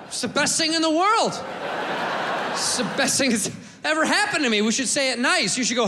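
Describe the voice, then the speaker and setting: Brief: brash male stand-up comic, sharp bright tone, long hall reverb. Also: very high-pitched, sing-song, fairly quick. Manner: brash, bursts into loud acted-out bits. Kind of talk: stand-up comedy set.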